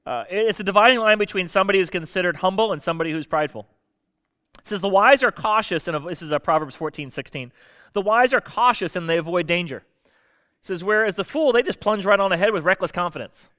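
A man preaching a sermon in a conversational, lively way, explaining Bible verses with everyday stories and acting out the voices he quotes. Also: high voice, fast.

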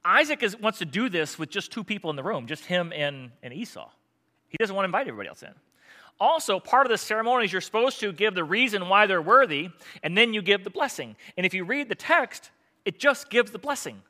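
A man preaching a sermon, telling the story in a lively, conversational way and acting out the characters' lines. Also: high-pitched, fast talker. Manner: animated storytelling with acted-out quotes. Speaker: pastor.

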